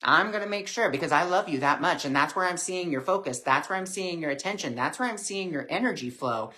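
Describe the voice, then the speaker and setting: A man's voice: on the high side, lively intonation, a little fast, sharp tone. A man voicing a loving, patient divine spirit that speaks reassuringly and affectionately.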